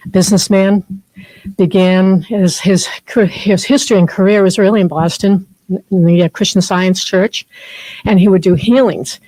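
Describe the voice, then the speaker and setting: A woman in her fifties, a therapist and spiritual teacher, addresses a group as a chapel guest, sharing personal stories in a heartfelt, rambling way packed with fillers. Her mid-range voice has a dark tone, and the audio is poor with no echo.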